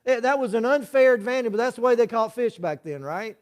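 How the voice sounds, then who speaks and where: A man's voice: extremely high pitch, expressive, a little fast. A male pastor preaching a sermon in a conversational way, often checking in with the congregation with "right?" asides. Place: church.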